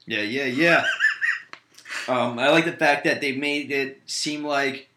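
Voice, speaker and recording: A man's voice: medium pitch, slow, bright, forceful tone, reverberant. A man co-hosting a podcast in casual chat, blunt and dismissive with strong opinions. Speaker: podcast co-host.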